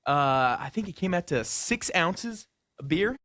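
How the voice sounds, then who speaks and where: A man's voice: on the high side, animated, a little slow, pushed and bright. A man co-hosting a radio sports talk show, bringing prepared topics and asking questions with a careful, hedging manner. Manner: prepared, asks questions, hedges with "I think".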